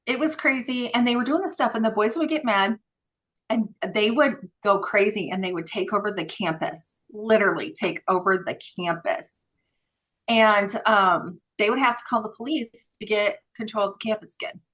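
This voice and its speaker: A woman on a podcast recounting her work in casual, animated storytelling. Her voice is bright and forward, and she slips into quoted dialogue often, padding her talk with "um" and "like.". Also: mid-range voice, normal speed, poor audio. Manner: animated, many fillers, acts out quoted dialogue. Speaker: podcast guest, former group home worker.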